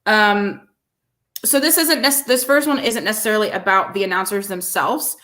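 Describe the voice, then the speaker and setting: A woman co-hosts a casual sports podcast, chatting in an animated, sarcastic way and often laughing as she reacts. Her voice is medium-pitched, sitting in an ordinary middle range, and she talks at normal speed.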